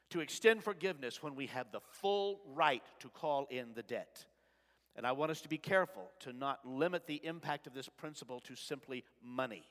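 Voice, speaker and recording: A man preaching a sermon in a church sanctuary, swinging between shouted lines and soft asides. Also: fairly high pitch. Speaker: pastor. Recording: long reverb of a large sanctuary.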